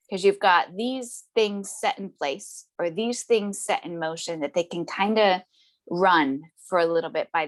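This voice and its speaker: A woman as an interview guest, telling a story in a chatty way, full of tag questions and fillers, who laughs often and acts out the voices she quotes. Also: on the low side. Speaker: interview guest, essential oils seller. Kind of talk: casual conversational storytelling.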